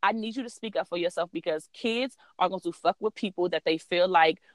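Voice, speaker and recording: A woman in her thirties with a fairly low voice tells a story from her own life, casual and blunt, cursing freely and getting animated as she goes. The recording is dry and close. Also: a little fast, no echo. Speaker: podcast host.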